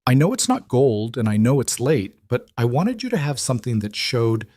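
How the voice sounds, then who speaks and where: A man voicing a sincere cowboy husband who speaks quietly and plainly. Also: medium pitch, very animated, moderate pace, no echo, voice pushed up.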